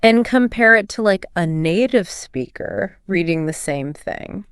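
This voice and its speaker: Woman co-host, very crisp and smooth voice, dry close sound, upbeat casual chat, lots of "like". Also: mid-range voice, animated, a little slow, no room sound. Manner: enthusiastic, agreeable, frequent "like" fillers. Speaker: podcast co-host.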